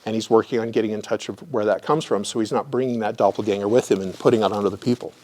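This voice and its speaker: Before a live audience in a room, a middle-aged man racing through his words delivers a conversational lecture full of personal stories, pausing often to clear his throat. His lowish voice holds a steady, darkish tone.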